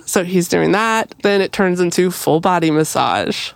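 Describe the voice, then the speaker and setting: A woman's voice: on the low side, moderate pace, vocal fry, smooth, no echo. A woman co-hosting a podcast, telling a story in casual chat and acting out the quoted lines with animation. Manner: animated, acts out quoted dialogue. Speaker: podcast co-host.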